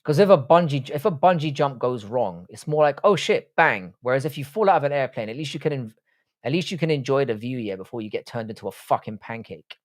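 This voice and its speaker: A young man with an Irish accent runs a casual livestream and answers his chat in a blunt, foul-mouthed way. He talks loosely and jokes back at viewers at a middling pitch. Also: lively intonation, quick pace, a little mellow. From Republic of Ireland. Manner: profane, blunt, banters with chat. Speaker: livestream host reading chat.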